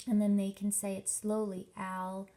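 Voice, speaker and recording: A young woman teacher giving a workshop presentation to parents, explaining slowly and carefully with lots of examples. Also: medium pitch, steady tone, mellow. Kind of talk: instructional presentation.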